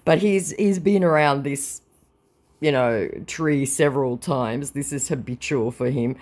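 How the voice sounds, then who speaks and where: A woman's voice: very deep voice, a little slow, a little mellow. A woman at home giving blunt, sarcastic, casual commentary on chat messages, swearing freely. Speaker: scam baiter. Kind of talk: casual commentary reading chats.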